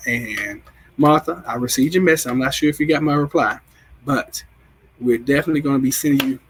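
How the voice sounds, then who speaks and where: A man's voice: medium pitch, a little hiss or hum, low-quality recording. A man in his forties hosting a casual live stream, chatty and emotional as he greets viewers and answers their comments. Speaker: livestream host.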